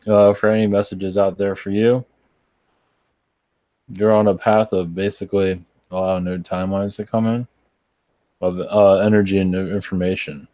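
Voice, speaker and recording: A man with a deep, low voice answers viewers' questions live as a channeler. He sounds tired and talks in a loose, halting way, with many fillers and restarts. The recording is dry and close. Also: flat delivery, dark tone, no echo. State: tired, yawning. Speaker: spiritual channeler.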